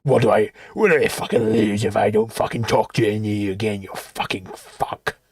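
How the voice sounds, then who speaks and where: A man's voice: on the low side, fairly even intonation, husky, dry recording, clean studio sound, voice pushed down. A man doing a mocking voice of an arrogant man who sneers at his audience, profane and drawn out. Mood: sneering. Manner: profane, growled contempt, slowed and drawn out.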